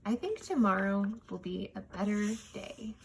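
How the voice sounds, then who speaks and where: A woman voicing a small, anxious furry male monster child in a storybook reading, high and whiny. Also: measured pace, gravelly, background noise. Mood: delighted. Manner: high-pitched, whiny and excitable.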